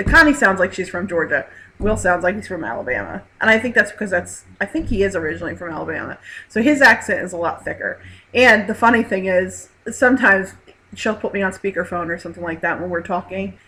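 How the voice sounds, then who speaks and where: A woman's voice: medium pitch, animated, fairly quick, bright, forceful tone, poor audio. A woman hosting a live online hangout, chatting casually, reading viewer messages aloud and laughing often. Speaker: host. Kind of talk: casual live stream chat.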